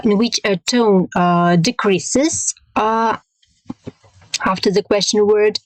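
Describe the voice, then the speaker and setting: Slow, hesitant woman teacher. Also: medium pitch, no echo, low-quality recording. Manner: slow, hesitant, many fillers, models phrases carefully. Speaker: language teacher. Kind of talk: language lesson.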